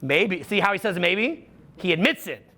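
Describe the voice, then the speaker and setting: A man's voice: high voice, animated, normal speed, bright, forceful tone. A man coaching a live seminar audience, playful and teasing as he banters with volunteers on stage. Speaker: social skills coach.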